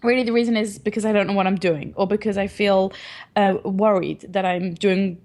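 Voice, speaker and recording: A woman's voice: mid-range voice, steady tone, fairly quick, darkish tone. A woman in her thirties, a parenting advocate, talking earnestly and reflectively in a casual interview. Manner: earnest, reflective, laughs often.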